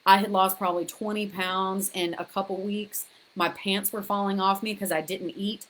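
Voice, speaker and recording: A woman's voice: mid-range voice, normal speed. Candid woman telling her own story. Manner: frank, chatty, addresses viewers directly; restarts and repeats words when excited. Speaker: author sharing her story. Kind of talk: candid personal storytelling to camera.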